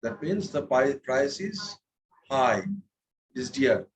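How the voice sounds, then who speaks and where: A man's voice: medium pitch, animated, slow, a crowd in the background, poor audio. A man teaching a French class, patient, repeating words and checking that students follow. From India. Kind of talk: classroom lesson.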